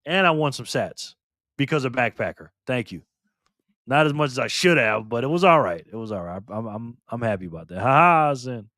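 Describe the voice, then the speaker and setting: A man's voice: mid-range voice, lively intonation, a little fast, fairly bright tone, dry recording, clean studio sound. A man hosting a casual live stream, chatting loosely with viewers by name and repeating himself.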